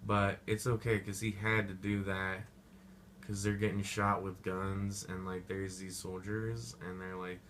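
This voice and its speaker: A man's voice: low voice, level tone, measured pace, fairly bright tone, slight background noise. A young man giving a rambling, profane casual movie review, full of slang and goofy asides.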